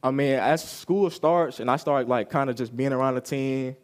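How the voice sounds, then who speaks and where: A young man shares a personal testimony in an easy, conversational way, slipping into the voices of the people in his story as he tells it. His voice sits at an ordinary middle pitch for a man. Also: normal speed. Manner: casual storytelling, acting out quoted lines. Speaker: youth service speaker.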